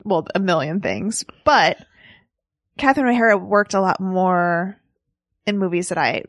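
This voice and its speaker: A woman's voice: lowish voice, a little slow, no echo, clean studio sound. A woman in her thirties, co-hosting a casual movie podcast, who chats freely, laughs often and trails off mid-thought. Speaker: podcast co-host.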